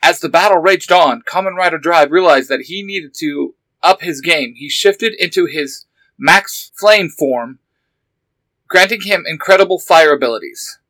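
A man's voice: a little high, unhurried, fairly bright tone, dry recording, low-quality recording. A man reading a superhero fan story aloud with eager narration.

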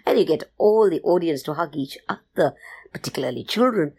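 A woman storyteller answering questions in an interview. She explains her craft in an earnest, teaching manner. Her voice sits on the low side for a woman. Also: lively intonation, a little fast, vocal fry, darkish tone, slightly rough. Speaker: storyteller, guest.

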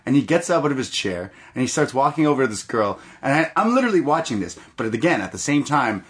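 Here a podcast co-host talks fast in a medium-pitched voice, swapping wrestling stories in a relaxed chat. He's lively in the telling and breaks into laughter again and again.

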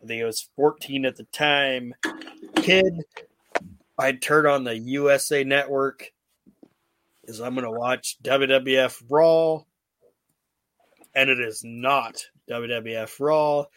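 A man's voice: mid-range voice, takes it slowly, long pauses, fairly bright tone, slight background noise. A male podcast host recapping old wrestling shows in casual, profanity-laced storytelling.

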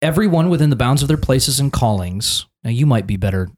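A man's voice: mid-range voice, animated, brisk, darkish tone. An American man discussing a church confession in a casual conversation, thinking aloud with many restarts and repeated words. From United States.

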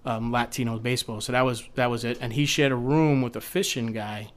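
A man's voice: medium pitch, fairly quick. A man, a TV producer, telling stories in casual podcast talk, rambling and acting out the people he quotes. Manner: rambling, animated storyteller who acts out quotes. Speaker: TV producer guest.

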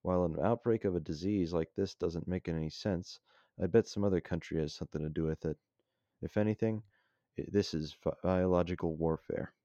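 A man's voice: deep voice, brisk, warm tone, no room sound, highs cut off, natural voice. A man voicing a grumbling young soldier who dismisses wild ideas, read out plainly. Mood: dismissive.

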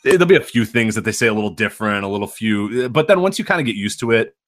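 A man co-hosting a podcast in casual chat, rambling and animated, with frequent laughs. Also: on the low side, quick pace. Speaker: podcast co-host.

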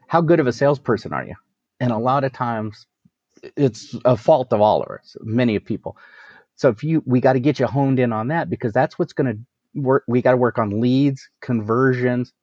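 A man giving energetic business advice as a coach, asking rhetorical questions and laughing at himself. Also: mid-range voice, dry recording, highs cut off. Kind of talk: casual business interview.

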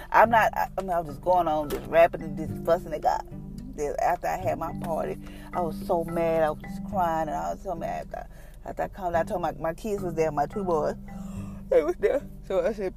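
A middle-aged woman hosting a devotional podcast, talking casually and earnestly and telling her own story in an animated, conversational way. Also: deep voice, normal speed, vocal fry, music in the background. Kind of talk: casual devotional talk and personal testimony.

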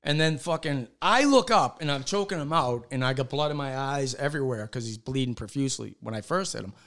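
A man's voice: medium pitch, brisk. A man, a stand-up comedian, telling a rowdy story in casual chat, swearing freely and acting out the people in it. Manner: profane, animated storyteller acting out voices.

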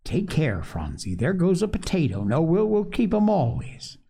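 Male reader as cheerful motherly girl; reassuring storybook voice, animated lilt. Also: fairly high pitch, moderate pace, creaky, husky, pitched above the performer's own voice, full character voice. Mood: flustered. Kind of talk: storybook reading.

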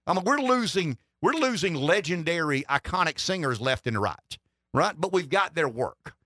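A man's voice: on the high side, big pitch swings, moderate pace, sharp tone, dry recording, clean studio sound. A middle-aged man hosting a political talk radio show, rambling and wry, with lots of restarts. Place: radio studio.

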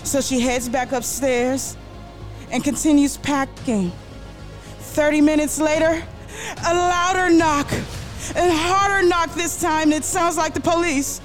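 A woman hosting a live radio show, telling a story with loose, animated slang-heavy delivery. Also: high voice, measured pace. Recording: music playing behind.

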